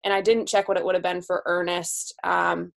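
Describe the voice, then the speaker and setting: A woman's voice: on the low side, little pitch movement, creaky. A woman in her twenties, a new physical therapist, talking candidly in a casual podcast interview. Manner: candid, chatty, quick laughs.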